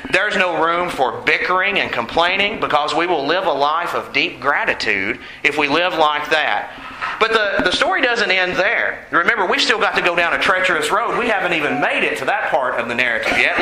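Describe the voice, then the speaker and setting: A man's voice: a little high, animated, moderate pace, sharp tone. A man preaching a sermon in an earnest way, asking the congregation questions. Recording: echoey room with faint noise.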